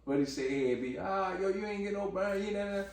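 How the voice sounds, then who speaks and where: A man hosting a casual talk show, speaking in an animated, emphatic, slangy way. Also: sits high, fairly quick. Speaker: podcast host. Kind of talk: casual chat. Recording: echoey room, far from mic, background noise.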